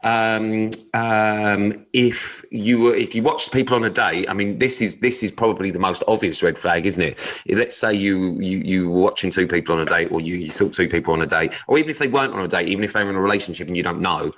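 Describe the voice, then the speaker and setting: A man's voice: low voice, brisk, hardly any pauses, fairly bright tone. A man co-hosting a podcast, rambling with cheeky jokes and many hesitations. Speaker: podcast co-host. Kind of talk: casual banter.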